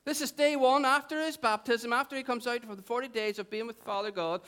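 A man's voice: very high-pitched, steady tone, fairly quick, sharp tone, clean tone. A man with a Northern Irish accent preaching a sermon in a church, playful and joking with the congregation. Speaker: pastor. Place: church hall.

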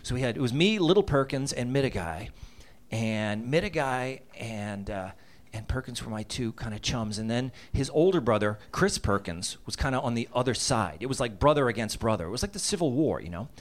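A man's voice: medium pitch, animated, fairly quick. A man in his fifties from Massachusetts telling a comic childhood story, laughing through his lines and acting out voices and sound effects. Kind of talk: comedic personal storytelling.

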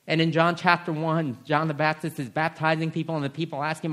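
A man preaching a sermon in a church, rising to stress his points and dropping to a hushed, soft voice for words of comfort, then closing in prayer. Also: little pitch movement, fairly quick, few pauses. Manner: rises in pitch to stress points, drops to a hushed, soft voice for God's reassuring words. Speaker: pastor. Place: church sanctuary.

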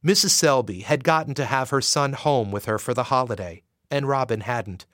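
A man narrating a romance audiobook in an expressive, measured way. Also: mid-range voice, dry recording, studio quality.

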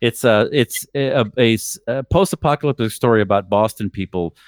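A man in casual podcast banter, gruff and quick to swear. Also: mid-range voice, no echo, clean studio sound. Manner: gruff, profane. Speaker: podcast regular.

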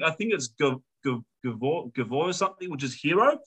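A man's voice: fairly high pitch, very animated, a little fast, a bit bright, slightly rough, rough recording. A man with an Australian accent, hosting a podcast and animatedly telling a story with swearing and laughter in casual chat. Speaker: podcast host.

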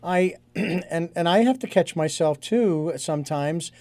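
A male interview host with a mellow, slightly high voice reflects aloud at an easy pace. He speaks haltingly, often restarting his sentences as he works through his thoughts. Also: no echo. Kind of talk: conversational interview.

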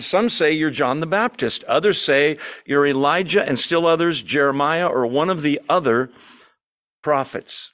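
Man, fairly high voice, Bible study teacher, conversational, quizzes the group, dry humor. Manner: lively, asks the group questions, dry humor. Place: church meeting room with a Zoom audience.

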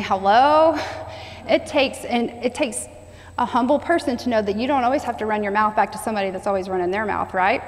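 A woman preaching a sermon, repeating key phrases and asking the congregation to say them back. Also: a little high. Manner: call-and-response preaching, stressing repeated phrases. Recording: long hall reverb.

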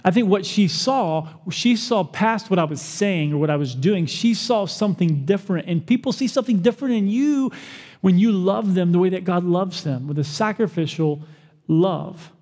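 A man preaching a sermon as pastor, animated, asking the crowd questions and acting out the people he quotes. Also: high voice, moderate pace, in a large hall.

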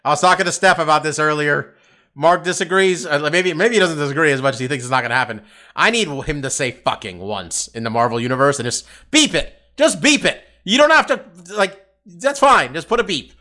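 Lively bright-voiced man. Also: on the high side, brisk. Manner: animated, laughing, swearing freely. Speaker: podcast co-host. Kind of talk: casual chat.

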